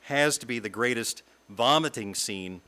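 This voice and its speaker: A middle-aged man from the American South, a guest speaker giving a reflective talk read from a script in a lyrical, measured way. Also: mid-range voice, expressive, pushed and bright, a little hiss or hum. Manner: lyrical, measured reading with long lists. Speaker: guest speaker at a fellowship service.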